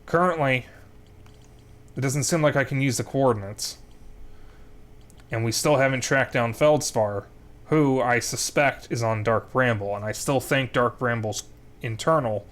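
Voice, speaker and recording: A young man gives gameplay commentary while playing, thinking aloud as he recaps the story and plans his next steps. His middle-pitched voice has a fairly bright tone and a casual streamer's delivery.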